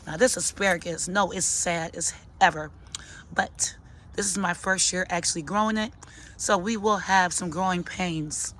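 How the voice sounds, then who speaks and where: Filming on a phone as she walks her outdoor garden, this middle-aged gardening vlogger gives a casual, chatty tour, sassing her plants and viewers and talking to herself. Her lowish voice is steady and a bit bright, at a moderate pace. A faint hiss or hum runs underneath.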